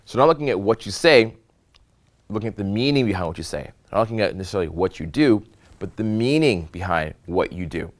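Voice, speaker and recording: This fairly low-voiced man is a dating and social skills coach leading a seminar in front of a live audience. He performs examples as he goes, teaching with animation and frequently checking in with short "right?" and "okay?" prompts.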